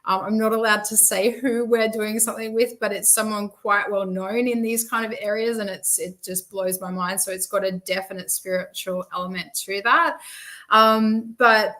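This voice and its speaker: Brief: woman guest, mid-pitched voice, chatty and rambling, filler-heavy. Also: steady tone, normal speed, pushed and bright, rough recording. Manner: rambling, frequent fillers, self-interrupting. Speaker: podcast guest. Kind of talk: casual conversational interview.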